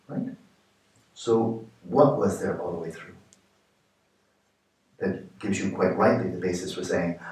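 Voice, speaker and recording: A man as a meditation teacher, giving guided meditation instruction in slow, questioning short phrases with pauses. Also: sits low, a little mellow. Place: retreat meditation hall. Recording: echoey room, distant mic.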